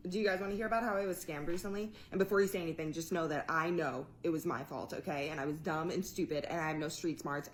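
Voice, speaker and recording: A woman telling a personal story to camera in an animated, profane way, laughing along as she goes. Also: lowish voice, a little hiss or hum. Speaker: guest storyteller.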